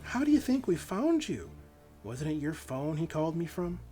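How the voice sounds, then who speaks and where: A man putting on a sneering storybook villainess who toys with her prey, her voice pitched up high and swooping through mocking, sing-song phrasing. Her taunts bounce lively up and down. Faint music sits underneath. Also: normal speed. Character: taunting, cruel female villain with playful menace.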